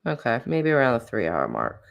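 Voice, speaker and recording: A woman's voice: a bass voice, wildly swooping pitch, fairly quick, gravelly, muffled recording. A woman hosting a casual livestream, chatting animatedly with her viewers and laughing often. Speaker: livestream host.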